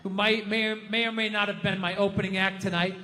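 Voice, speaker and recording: A man in his fifties tells a loose, profane story on a comedy stage, rambling through filler words. His voice sits high and sharp. A long reverb from a big venue trails behind him. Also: level tone, quick pace. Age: 50s. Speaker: stand-up comedian. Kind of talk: stand-up storytelling.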